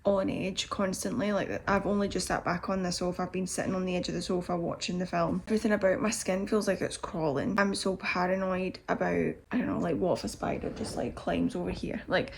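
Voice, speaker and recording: A woman's voice: lowish voice, steady tone, brisk, vocal fry, hardly any pauses, slight background noise. A woman in her thirties, drained and emotional, rambling candidly in a confessional vlog. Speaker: vlogger.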